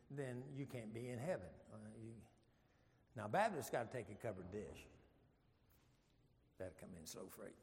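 A man's voice: medium pitch, lively intonation, normal speed, a little mellow, long reverb tail. A man leading an informal Bible study, folksy and joking, with rambling asides.

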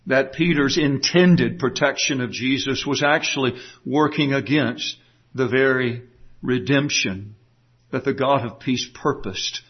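Man preaching, high lively voice, emphatic, dull lo-fi sound. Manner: emphatic, dramatic quoting with wide swings of pitch. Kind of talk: sermon. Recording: dull lo-fi recording.

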